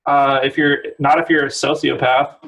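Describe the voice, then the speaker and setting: A man's voice: mid-range voice, flat delivery, moderate pace, gravelly, a bit bright, low-quality recording. A young man from the San Francisco area, a podcast guest telling rambling stories full of laughter and fillers. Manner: rambling storyteller, laughs often, many likes. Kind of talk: casual chat.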